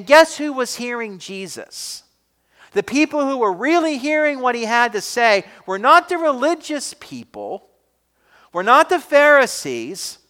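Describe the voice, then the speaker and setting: A man's voice: very high-pitched, sharp tone, clean tone, long reverb tail. A man preaching a sermon, emphatic, asking his listeners questions. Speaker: pastor.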